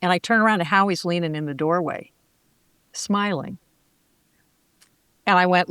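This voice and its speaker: An older woman, a former sportscaster, telling lively anecdotes as an interview guest and acting out the voices she quotes. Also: on the low side, normal speed, pauses often, smooth, no echo. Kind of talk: casual interview storytelling.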